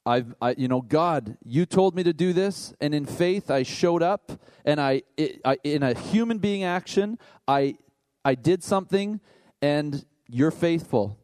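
A man who is a worship leader, preaching in a conversational, animated way with asides to the congregation. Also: on the high side, a little slow, no room sound. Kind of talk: sermon.

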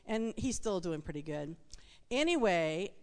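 A woman's voice: on the low side, sing-song, measured pace. A woman addressing a church as a guest speaker in a friendly, conversational way. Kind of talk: casual church talk. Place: church sanctuary.

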